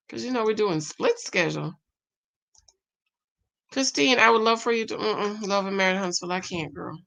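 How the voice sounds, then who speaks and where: A woman's voice: medium pitch, normal speed, gravelly, long pauses, a bit bright. A tired woman hosting a casual live stream, chatting with viewers and reading their comments. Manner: chatty, laughs often, talks to viewers as "babes" and "y'all". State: tired, winding down for bed. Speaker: YouTube host reading live chat.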